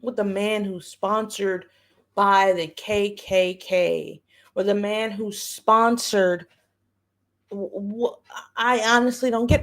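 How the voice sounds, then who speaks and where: A woman's voice: medium pitch, fairly even intonation, takes it slowly. A woman hosting a livestream and giving blunt, profane, sarcastic political commentary, repeating phrases for emphasis. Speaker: livestream host.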